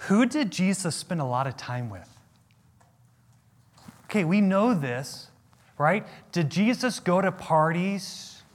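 A middle-aged man delivers a sermon in a notably high voice. He takes his time, leaning on emphatic repetition and rhetorical questions as he addresses his listeners. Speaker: pastor.

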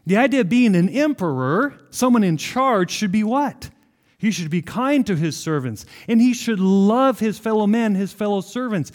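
A man preaching a sermon, asking the congregation questions and answering them himself, slowing down to stress key words. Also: high voice, animated. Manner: asks the room questions, then answers them. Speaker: pastor.

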